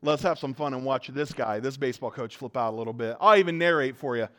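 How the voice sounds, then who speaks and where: A man preaching a sermon, telling self-mocking stories with lively jumps between loud and quiet. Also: mid-range voice, quick pace. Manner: joking, self-mocking storytelling; animated, swings from loud to quiet. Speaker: pastor.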